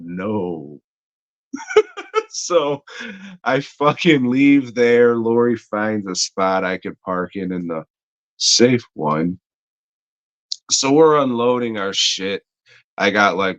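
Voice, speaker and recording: A man's voice: low voice, a bit bright, dry recording, lo-fi sound. A man co-hosting a podcast, telling a story in a rambling, heavily profane way with lots of fillers. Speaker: podcast co-host. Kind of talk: casual storytelling chat.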